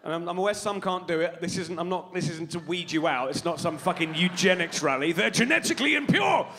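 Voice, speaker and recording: A man's voice: a little high, steady tone, brisk, background noise. A man doing live stand-up comedy on a big concert hall stage, sweary and playful, teasing the crowd.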